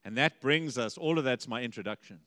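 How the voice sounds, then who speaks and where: A male pastor preaching a conversational, lively sermon, dipping to quiet emphasis and rising to exclamations. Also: mid-range voice, a little fast, in a large hall.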